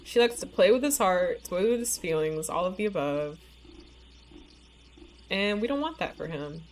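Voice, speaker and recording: A woman's voice: on the low side, animated, moderate pace, slight background noise. A woman streaming a game live, chatting casually with lots of "like" and "you know", her speech a little slurred from a bitten tongue. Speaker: livestream gamer. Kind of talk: casual live-stream chat while playing.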